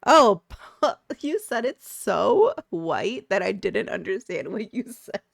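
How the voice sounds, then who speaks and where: A woman's voice: medium pitch, sing-song, slow, creaky, dry recording. A young adult woman streaming a game, chatting casually in a playful, giggly way. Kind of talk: casual chat while gaming.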